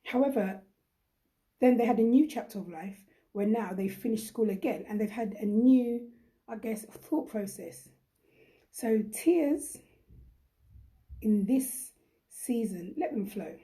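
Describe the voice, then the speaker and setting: A woman's voice: on the high side, animated, slow pace, long pauses, dark tone. A middle-aged woman hosting a reflective live-stream talk, speaking earnestly and repeating phrases for emphasis. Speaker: host.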